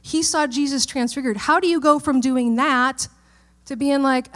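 A woman's voice: high voice, moderate pace. A woman pastor giving a casual, conversational sermon and Bible study, often checking in with listeners. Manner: chatty, informal, frequent "okay?" checks with listeners.

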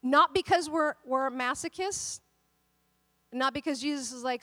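Female pastor, 30s, casual animated sermon delivery, higher voice, dry close sound. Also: a little slow, dry recording. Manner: animated, conversational preaching with many restarts.

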